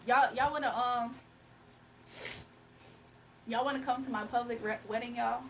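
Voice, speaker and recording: A woman's voice: fairly high pitch, fairly even intonation, measured pace, long pauses, fairly bright tone, far from the mic, a little hiss or hum, poor audio. A woman hosting a casual live stream, chatting with her viewers, laughing often and calling them y'all. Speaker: livestream host.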